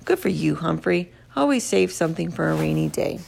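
A jolly, talkative male night janitor who chats and cracks jokes in a friendly way, as a woman reads him aloud from a storybook. His voice carries a heavy gravelly fry. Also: deep voice, animated, a little fast, a little mellow, slight background noise, heavily acted. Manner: chatty, jokey, friendly. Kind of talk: storybook reading.

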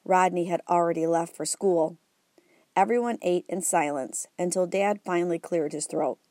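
Low, mellow woman narrating a story. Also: normal speed, no echo, studio quality. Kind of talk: audiobook narration.

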